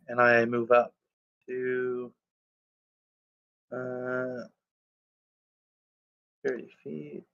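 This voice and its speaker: Gravelly guy slowly figuring out his turn, muffled lo-fi mic. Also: mid-range voice, little pitch movement, fairly bright tone. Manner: hesitant, thinking aloud. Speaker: player. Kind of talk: casual tabletop play. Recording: dull lo-fi mic.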